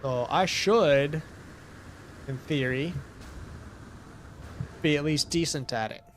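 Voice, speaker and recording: A young American man talks casually while playing a game, answering his viewers. His voice sits a bit high. He rambles and laughs easily as he chats. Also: slow pace, slight background noise. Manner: chatty and rambling, laughing often. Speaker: game streamer.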